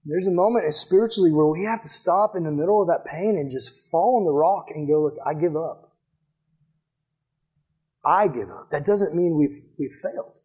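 A young man preaching a sermon to a live audience in a church building, earnest and direct, often dropping to a hushed appeal. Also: a little high, fairly quick, hardly any pauses, husky. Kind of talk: sermon with altar call.

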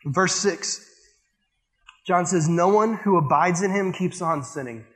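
A man with a notably high voice preaches to a church group. He talks in a loose, conversational way, filling his lines with "like" as he tells stories. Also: unhurried, fairly bright tone. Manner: casual, conversational, heavy use of "like". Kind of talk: sermon with storytelling.

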